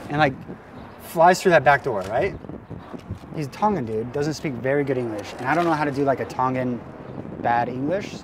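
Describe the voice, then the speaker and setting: Excitable man telling a story outdoors. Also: mid-range voice, a little fast. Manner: excited, restless, with many likes and rights. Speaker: guest storyteller. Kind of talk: animated storytelling on location. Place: outdoors on a residential street. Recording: outdoor street noise.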